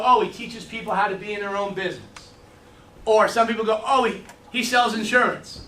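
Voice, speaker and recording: A man's voice: sits high, bright, forceful tone, slight background noise. A man giving a live sales training talk, telling stories and joking, asking the room questions. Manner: brash, joking storyteller who asks the room questions. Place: meeting room with a small audience. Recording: echoey room, mic from far off.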